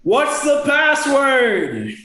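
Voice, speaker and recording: A man's voice: high voice, lively intonation, normal speed, fairly bright tone, echoey room, recorded from a distance, pitched above the performer's own voice. Man doing squabbling foul-mouthed redcap gnomes. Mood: demanding.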